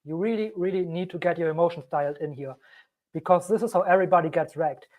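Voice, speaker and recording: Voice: medium pitch, fast talker, phone-quality sound. A crypto channel host giving emphatic solo commentary on a cheap microphone, repeating key warnings and acting out panicky investors.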